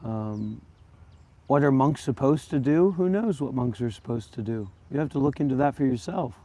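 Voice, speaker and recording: A man's voice: medium pitch, animated, normal speed, dark tone. A man hosting a livestream, talking bluntly and combatively straight at his viewers. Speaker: livestream host and former monk. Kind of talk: unscripted livestream talk.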